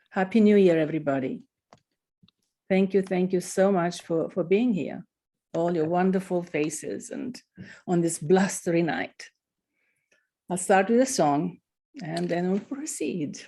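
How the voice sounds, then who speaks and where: A woman hosting an online poetry salon from home, welcoming people and singing a story-song with a steady rhythm. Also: fairly low pitch, slow pace. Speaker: host singing and introducing readers. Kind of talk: sung performance at an online salon.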